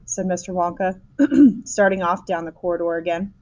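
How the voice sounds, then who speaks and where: A woman reading a children's chapter book aloud, lively, with small slips and restarts. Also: on the low side, normal speed. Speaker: storyteller.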